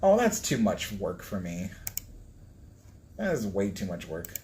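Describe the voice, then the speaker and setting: A man's voice: lowish voice, huge pitch swings, measured pace, a little mellow, slight background noise. A man hosting a casual live stream, flustered as he stumbles over hard pronunciations and laughs at himself. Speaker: livestream host reading a book.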